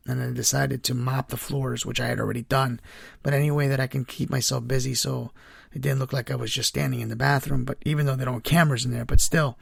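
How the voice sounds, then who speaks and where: A man's voice: mid-range voice, creaky, no room sound, clean studio sound. A man hosting a faith podcast, sharing a personal testimony in an earnest, heartfelt way. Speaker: podcast host.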